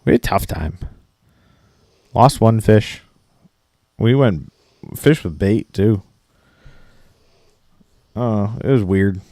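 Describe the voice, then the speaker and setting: A late-thirties man from Maine co-hosts a podcast, ranting through a profane story, swearing constantly, and playing both sides of it. His lowish, dark-toned voice is animated yet slow, with frequent pauses. The audio is studio quality, with no room sound.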